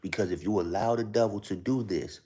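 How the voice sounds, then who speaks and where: A man's voice: lowish voice, fairly quick, dark tone, slightly rough. A man giving a casual spiritual talk to a live-stream audience, earnest and repetitive, often asking listeners to follow along. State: talking softly at times so his sleeping kids stay asleep. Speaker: live-stream host sharing a spiritual message.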